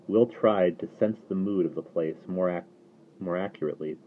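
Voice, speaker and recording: Deep-voiced man reading a novel aloud. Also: normal speed, slight background noise. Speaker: reader. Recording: tinny phone-like sound.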